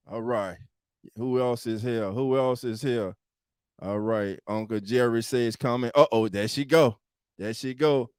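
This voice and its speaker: A man hosting a casual sports podcast live stream, greeting viewers with loud, hyped shout-outs, speaking. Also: medium pitch, a little slow, clean tone, no echo, clean studio sound. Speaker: podcast host.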